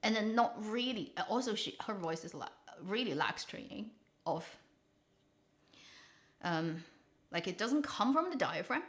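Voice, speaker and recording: Blunt, animated woman drama reviewer. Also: mid-range voice, a little slow, pauses often. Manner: opinionated, blunt, animated critique. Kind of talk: casual commentary livestream.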